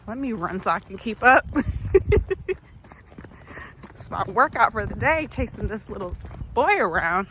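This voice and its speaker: A woman's voice: mid-range voice, expressive, a little slow, pauses often, sharp tone, slight background noise. A young woman vlogging a child's nature walk outdoors in a park, chatty and upbeat with frequent laughter. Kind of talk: casual narration to viewers.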